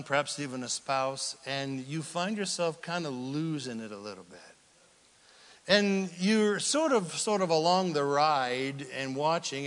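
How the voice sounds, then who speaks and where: A man preaching a sermon in a conversational, animated way, now and then acting out little voices. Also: fairly high pitch, long reverb tail. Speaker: pastor.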